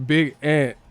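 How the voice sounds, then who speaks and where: A man's voice: a little high, smooth. A man hosting a boxing live stream, joking and swearing casually and mimicking other people's voices.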